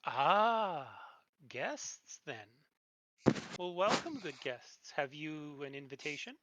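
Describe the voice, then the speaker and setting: A game master voicing a courteous male patrol leader who speaks gently and formally. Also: mid-range voice, big pitch swings, slow pace, lo-fi sound, heavily acted.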